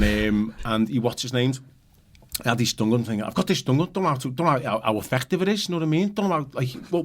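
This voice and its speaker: A middle-aged man, a podcast guest telling rambling, sweary anecdotes full of "you know what I mean". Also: medium pitch. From Liverpool, England. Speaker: podcast guest, former goalkeeper. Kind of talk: casual storytelling chat.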